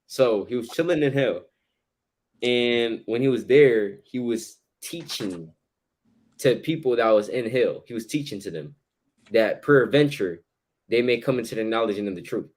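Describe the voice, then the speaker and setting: A man's voice: medium pitch, moderate pace, a little mellow. A man co-hosting a casual Bible study discussion who talks loosely in slang and laughs often.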